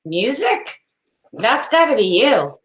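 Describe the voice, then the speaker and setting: A woman's voice: on the high side, big pitch swings, takes it slowly, poor audio. A woman co-hosting a casual chat show, easygoing and teasing. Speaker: podcast co-host.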